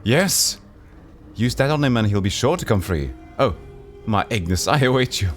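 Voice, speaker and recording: A man's voice: low voice, lively intonation, normal speed, faint music behind. A man voicing a despairing, sardonic aging woman who turns frantic and pleading, read from a game. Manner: wistful, then frantic and pleading.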